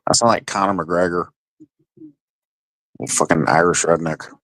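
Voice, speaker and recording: Deep-voiced laid-back young man. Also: fairly even intonation, unhurried, fairly bright tone, no room sound, poor audio. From United States. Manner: laid-back, chatty, swears casually. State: tipsy from drinking. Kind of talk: casual livestream chat.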